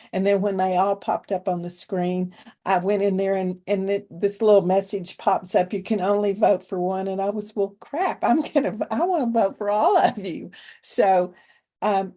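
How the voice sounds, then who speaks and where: A woman's voice: mid-range voice, warm tone. An older woman with a Southern drawl, folksy, sassy and playful. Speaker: speaker.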